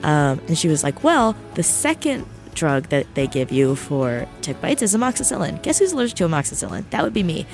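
This young New Jersey woman hosts a radio show, chatting casually through a rambling story that pokes fun at herself. She talks briskly in a low, sing-song, creaky voice with few pauses, and soft music plays faintly behind her.

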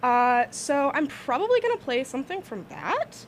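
Young woman on college radio, bit out of breath, kinda shrill, lots of ums. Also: big pitch swings, normal speed, slight background noise. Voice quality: slightly shrill. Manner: rambling, filler-heavy, self-deprecating. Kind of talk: casual on-air chat. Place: radio studio. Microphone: studio microphone.

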